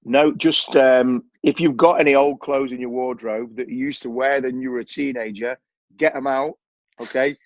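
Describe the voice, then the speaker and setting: A man's voice: medium pitch, fairly even intonation, moderate pace, dry recording, dull audio. A man with an English accent, a coaching client chatting casually and repeating phrases for emphasis. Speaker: coaching client giving a testimonial. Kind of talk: casual chat.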